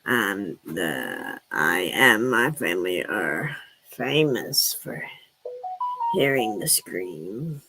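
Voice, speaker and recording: A woman playing a gruff, indignant woman with a drawl, her voice pushed far down by a pitch-lowering filter. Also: very animated, very slow, music in the background, heavily acted. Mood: boastful. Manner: low drawling, defiant boasts. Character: gruff indignant Southern woman, suspicious and defiant.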